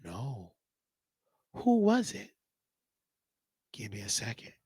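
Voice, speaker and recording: A man's voice: medium pitch, wildly swooping pitch, slow, warm tone, slightly rough, dry recording, clean studio sound. Rambling, joking man hosting a live stream. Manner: rambling, joking, thinking aloud. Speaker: show host. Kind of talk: casual live-stream monologue.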